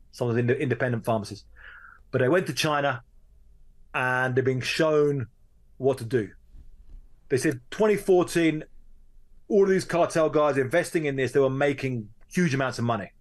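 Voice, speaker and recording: Animated male journalist telling a story. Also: medium pitch. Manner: animated storyteller, pace swinging fast and slow. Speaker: journalist guest. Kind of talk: conversational interview storytelling.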